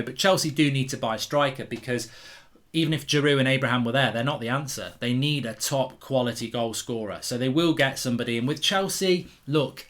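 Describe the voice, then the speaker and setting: A man hosting a football channel, talking through transfer news in an animated, opinionated way, thinking aloud. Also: medium pitch.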